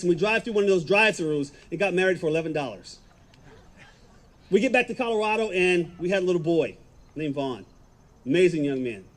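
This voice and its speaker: Brief: middle-aged man, high-pitched, confessional testimony, quiet to emphatic. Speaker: former football player giving a testimony. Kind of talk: personal testimony, storytelling.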